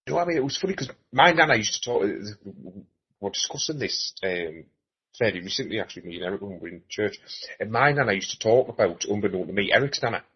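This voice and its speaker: A low-voiced English man, a medium, talks in a rambling, reflective way with plenty of fillers. His tone is husky, and the recording sounds dull and lo-fi. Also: animated, quick pace. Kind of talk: reflective conversation at a live talk.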